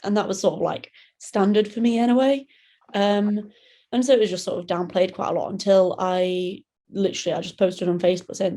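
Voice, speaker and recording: A young woman from the UK talks casually as an interview guest, laid-back and chatty. Her voice is mellow and soft-edged, sitting at an ordinary pitch. She bounces into other people's voices as she tells a story. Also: fairly even intonation, fairly quick. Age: young adult. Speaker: guest, solo ocean rower.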